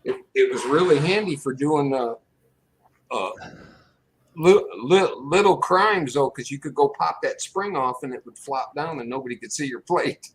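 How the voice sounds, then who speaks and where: A man's voice: on the high side, lively intonation, normal speed, a little hiss or hum, poor audio. A man in casual chat, jokingly reminiscing and trading stories. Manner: chatty, jokey reminiscing. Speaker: podcast co-host.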